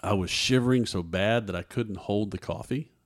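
In an interview, a male guest earnestly shares a personal story, voicing the lines other people said. He talks at a moderate pace in a fairly low register.

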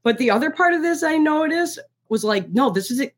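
Chatty woman reviewing a film. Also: high voice. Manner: animated, quick restarts, acts out quotes. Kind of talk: casual podcast chat.

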